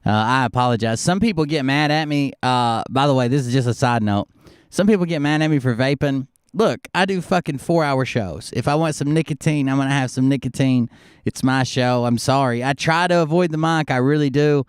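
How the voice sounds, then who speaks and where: Here the man talks a little fast, his mid-range voice clear and resonant on a dry, clean studio recording from a close desk mic. Hosting a live stream while a bit sick, he wanders loosely through his thoughts with plenty of swearing and filler words.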